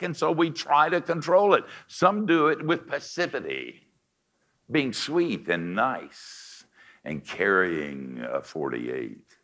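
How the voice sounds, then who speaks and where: An older man with a deep voice preaching a confessional sermon, swinging between forceful lines and hushed ones.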